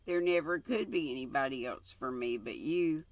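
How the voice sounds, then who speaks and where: A woman's voice: rumbling low, moderate pace, dry recording. A woman reading as an earnest young man in love. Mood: tender.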